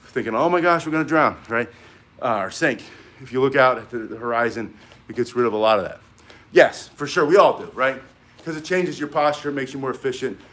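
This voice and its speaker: A man's voice: mid-range voice, fairly bright tone. A middle-aged man teaching a martial arts class in a casual, encouraging way, rambling with fillers and restarts.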